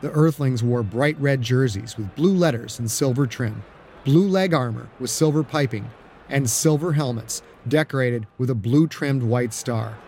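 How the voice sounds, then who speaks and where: A male audiobook narrator with a mid-range voice, telling the story in a steady, dramatic way. A faint hiss sits under his reading. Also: medium pitch, normal speed. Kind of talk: scripted narration.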